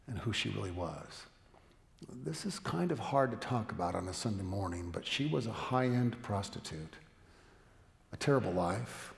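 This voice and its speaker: A male pastor delivers a sermon with a story, his gravelly voice swinging from loud emphasis to hushed whispers. His pitch sits in an ordinary middle range. A large, echoey sanctuary gives each phrase a long reverb tail.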